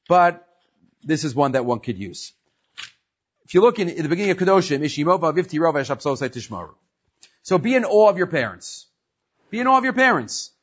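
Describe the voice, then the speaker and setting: High, husky-voiced male Torah teacher. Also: brisk, long pauses, lo-fi sound. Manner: animated, asks the class rhetorical questions. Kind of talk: Torah class lecture.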